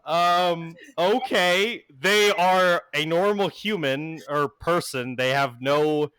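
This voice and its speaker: A man's voice: fairly high pitch, slow, fairly bright tone. A young man running a tabletop game as game master, laughing often and hesitating with fillers.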